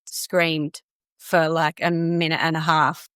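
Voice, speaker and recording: A woman's voice: deep voice, little pitch movement, takes it slowly, a bit bright, clear, resonant tone, dry recording, clean studio sound. A woman guest on a podcast, telling her story casually and animatedly, acting out quotes with laughter.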